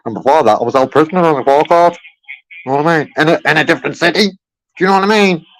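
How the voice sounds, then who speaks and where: Bloke ranting down the phone at a call centre, keeps repeating himself, dead dry sound. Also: male voice, on the high side, very fast, a bit bright, no room sound, low-quality recording. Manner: insistent, repetitive, keeps saying "you know what I mean". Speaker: caller. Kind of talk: heated phone complaint.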